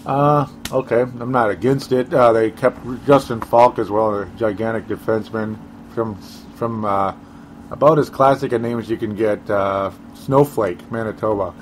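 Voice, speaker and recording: A man's voice: on the low side, steady tone, moderate pace, slight background noise. A man co-hosting a sports talk show, rambling casually with chuckles and sarcastic asides.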